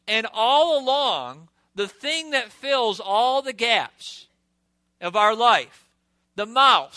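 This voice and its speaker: A man's voice: very high-pitched, pushed and bright, dry recording. A man preaching a sermon, reading scripture aloud and stressing key words by repeating them and putting rhetorical questions to his listeners. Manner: asks the audience rhetorical questions.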